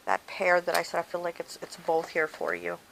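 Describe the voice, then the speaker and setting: A woman's voice: on the low side, level tone, brisk, gravelly, a bit bright, slight background noise, low-quality recording. A woman doing a casual tarot card reading, talking straight to the viewer in a chatty way and often saying "okay" and "you know.". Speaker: tarot reader.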